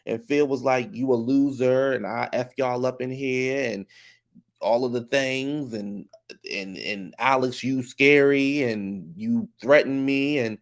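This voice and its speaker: Sassy and gossipy, a man gives a loose, casual recap of a reality show at a slow pace. His middle-pitched voice jumps high whenever he imitates the cast.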